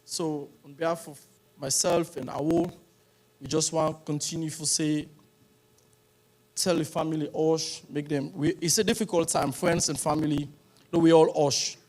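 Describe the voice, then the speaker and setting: Sierra Leonean man, somewhat high-pitched, halting and rambling funeral tribute, drifts between Krio and English. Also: fairly even intonation, darkish tone. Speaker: funeral speaker.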